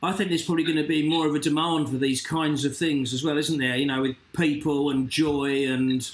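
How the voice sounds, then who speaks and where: A man hosting a casual interview, talking hesitantly with many pauses and restarts. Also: on the high side, fairly even intonation, reverberant, a little hiss or hum, poor audio. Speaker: host.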